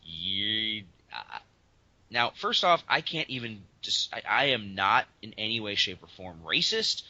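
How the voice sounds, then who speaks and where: A man's voice: fairly low pitch, very animated, unhurried, sharp tone, no room sound. Male podcast co-host, exasperated ranter, lo-fi dull audio. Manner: exasperated, ranting storyteller. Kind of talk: casual comedic chat.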